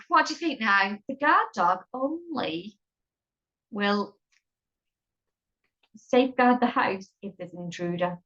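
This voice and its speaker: A woman's voice: medium pitch, lively intonation, slow, pauses often, sharp tone. A woman reading a picture book aloud to children, chatty and playful, stopping to ask the listener questions. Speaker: storyteller. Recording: dull lo-fi recording.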